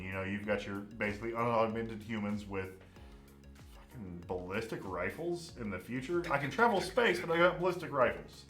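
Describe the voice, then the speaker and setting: A man's voice: fairly low pitch, a bit bright, reverberant. A man co-hosting a casual live-streamed talk show, rambling with fillers and emphatic opinions. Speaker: podcast co-host. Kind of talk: casual chat.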